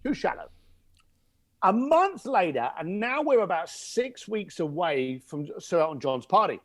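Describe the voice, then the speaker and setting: Animated man telling a story. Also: sits high, unhurried. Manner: animated storyteller who acts out dialogue. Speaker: guest. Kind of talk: storytelling in a podcast interview.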